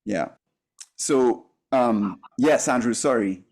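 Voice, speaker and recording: A man's voice: mid-range voice, slow, darkish tone. A man coaching a class, speaking in an earnest, emphatic way with frequent fillers and restarts. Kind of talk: teaching a masterclass.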